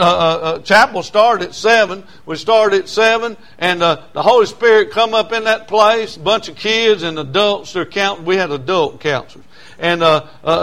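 A male preacher delivers a storytelling sermon. His voice sits high for a man, and his folksy, repetitive delivery grows loud when he is stirred. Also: fairly quick.

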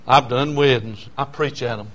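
A man preaching a storytelling sermon in a folksy, repetitive way that turns loud when he is stirred. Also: medium pitch, moderate pace, muffled recording.

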